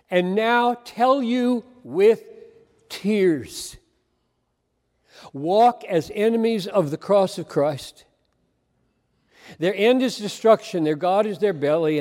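Older male pastor, high voice, earnest emphatic sermon delivery, long hall reverb. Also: darkish tone. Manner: earnest, emphatic, with halting repetitions.

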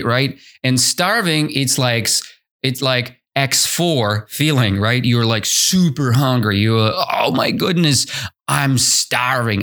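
Man, English teacher, unhurried, mid-pitched voice, chatty and encouraging. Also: a bit bright. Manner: chatty and encouraging, with frequent fillers. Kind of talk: podcast lesson explaining a story.

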